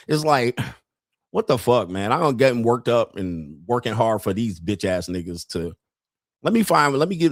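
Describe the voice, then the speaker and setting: A man's voice: mid-range voice, no room sound. Guy hosting a show and ranting, lots of cussing and laughing, medium voice, dead dry room. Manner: blunt, heavy swearing, laughs often. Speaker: podcast host. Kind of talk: profane livestream rant.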